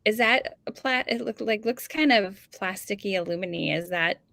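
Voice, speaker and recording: A woman's voice: medium pitch, moderate pace, creaky, fairly bright tone, no echo. A woman co-hosting a live talk show who chats casually and jumps in with questions. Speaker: co-host. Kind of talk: casual chat.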